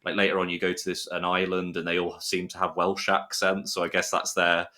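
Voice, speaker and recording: Bright-toned low-voiced British man. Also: completely flat delivery, brisk. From United Kingdom. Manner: enthusiastic, chatty storyteller. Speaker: podcast guest. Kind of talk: casual chat.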